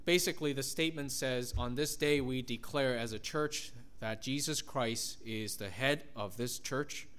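A man's voice: medium pitch, measured pace, few pauses, a bit bright, clear, resonant tone. A man preaching a sermon, reading scripture aloud and acting out the quoted voices with animation. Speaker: pastor.

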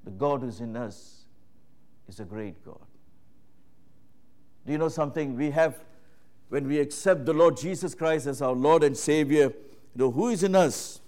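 A man preaching a sermon, emphatic and repetitive, rising to loud exclamations and dropping to hushed passages, calling his listeners friends. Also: on the high side, lively intonation, a little slow, long pauses. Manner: repeats phrases, addresses listeners as friends.

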